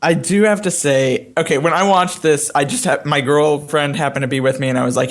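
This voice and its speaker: A man's voice: fairly high pitch, normal speed, hardly any pauses. A man co-hosting a podcast, chatting casually, telling stories and laughing often. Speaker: podcast co-host. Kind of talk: casual chat.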